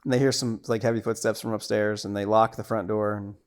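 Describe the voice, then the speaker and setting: A man's voice: on the low side, fast. A man hosting a podcast, casually recapping a horror movie scene by scene, with lots of restarts and repeated words. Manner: grows loud and excited at gory scenes. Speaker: podcast host.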